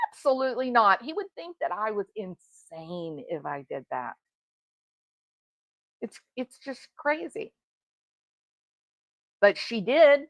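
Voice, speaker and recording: A middle-aged woman hosts true crime reaction commentary, indignant and emphatic, addressing the subject directly. Her fairly high voice swings widely in pitch and moves slowly with long pauses. The recording is dry and the audio is poor.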